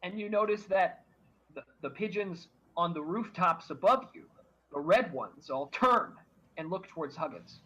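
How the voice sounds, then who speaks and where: A man narrating as game master of a tabletop game, halting and full of restarts. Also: high voice, lively intonation, pushed and bright, husky, dull audio.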